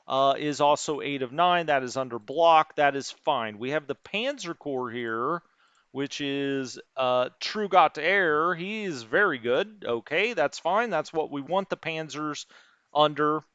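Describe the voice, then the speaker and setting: A man's voice: a little high, expressive, unhurried, fairly bright tone, smooth, dry recording, dull audio. A man streaming a strategy wargame, muttering through unit numbers and chatting with his live chat. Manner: thinks aloud, muttering over unit numbers.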